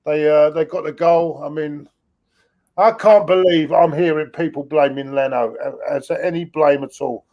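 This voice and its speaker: A man dials into a fan stream over a weak connection. He is sarcastic and sure of his views. His voice sits a touch high. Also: steady tone, normal speed, muffled recording. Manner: sarcastic, firm opinions. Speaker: guest pundit. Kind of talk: casual football fan chat. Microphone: video call over weak internet.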